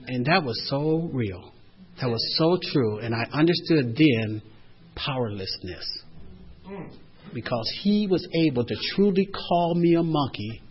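A man telling a personal story, animated and swinging from loud to hushed. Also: medium pitch, lo-fi sound.

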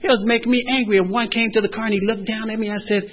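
A man telling a personal story, animated and swinging from loud to hushed. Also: high voice, rapid-fire, dull audio.

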